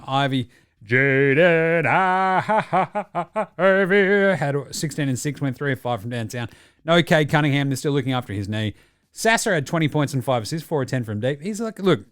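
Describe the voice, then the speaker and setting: A man's voice: mid-range voice, no room sound. Casual man, dry close mic. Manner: casual, jokey, talks back to himself. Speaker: podcast host. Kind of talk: solo sports news commentary.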